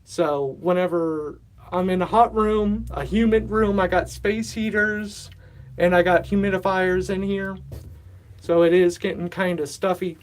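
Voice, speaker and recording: A man's voice: high voice, steady tone, a little slow. A man in his thirties from the United States, chatting casually on a livestream in a rambling, self-deprecating way, slightly out of breath in a stuffy, humid room. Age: 30s. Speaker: livestream host. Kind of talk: casual live-stream chat. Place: stuffy warm humid indoor grow room.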